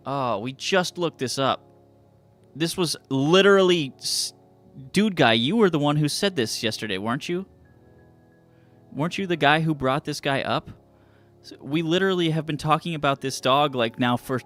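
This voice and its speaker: A man's voice: mid-range voice, normal speed, a bit bright, soft background music. A man streaming a trivia game, casually joking with chat and reading clues aloud. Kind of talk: casual live-stream commentary.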